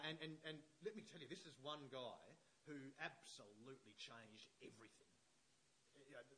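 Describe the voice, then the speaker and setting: A man preaching a sermon, emphatic and animated, checking in with the congregation with frequent "yeah?" questions. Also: medium pitch, slight background noise, poor audio. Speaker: pastor.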